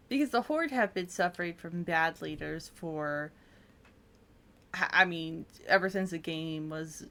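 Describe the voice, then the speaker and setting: A woman's voice: fairly low pitch, fairly bright tone. A woman co-hosting a video game channel, talking in a chatty, meandering way with frequent ums and restarts. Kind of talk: casual chat.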